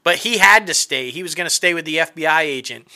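Man, podcast co-host, casual chat, animated and emphatic, high-pitched, bright. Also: quick pace. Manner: excited, animated, emphatic storytelling with repetition. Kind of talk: casual chat about films and TV.

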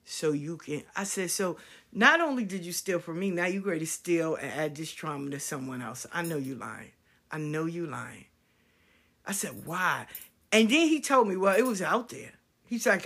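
A woman in her fifties, a spiritual practitioner, telling a story in casual, profane, animated talk and acting out what others said. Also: medium pitch. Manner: animated, profane, acts out quotes.

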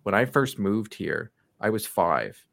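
A man's voice: lowish voice, vocal fry, no echo. A man from Canada hosting a casual podcast chat, laughing often and restarting his sentences. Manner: laughing, animated, halting restarts.

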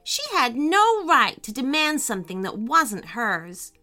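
A woman's voice: big pitch swings, a little slow, pushed and bright, faint music behind, heavily acted. A woman doing Annika, an eager young girl. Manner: high, eager delivery. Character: bright, kind, bold young girl. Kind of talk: children's storybook reading.

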